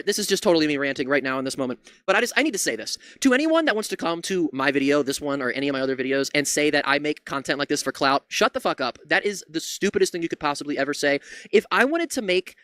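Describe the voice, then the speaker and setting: A man's voice: on the high side, sing-song, fast, fairly bright tone, clean tone, no room sound. A man streaming a political reaction, ranting heatedly with lots of swearing into a close mic. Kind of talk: livestream reaction rant.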